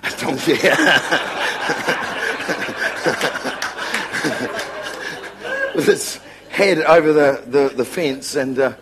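A man's voice: a little high, very animated, drawn-out words, pauses often, background noise. A man preaching a humorous sermon as a revival preacher, joking and laughing often.

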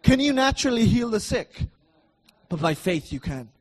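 A middle-aged man preaching a sermon in a church, emphatic and repetitive, swinging between loud declarations and soft asides. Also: high voice, very animated, moderate pace, husky.

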